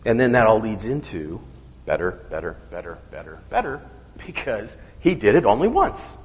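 A man's voice: on the low side, very animated, moderate pace, in a large hall, poor audio. A man teaching an informal Bible study, asking questions and checking in with "okay?", sometimes stopping to search for words. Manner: conversational, asks questions, frequent "okay?" checks.

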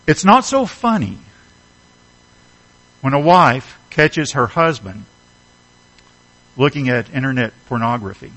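Lively, emphatic man preaching a sermon. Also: mid-range voice, takes it slowly, pauses often, poor audio. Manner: earnest, emphatic preaching with rhetorical questions. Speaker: pastor.

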